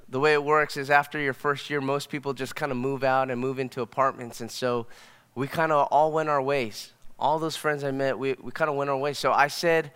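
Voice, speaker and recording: A young man, a pastor, telling a personal story in a sermon, swinging from hushed to excited. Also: on the high side, clean tone, big-room sound. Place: church hall.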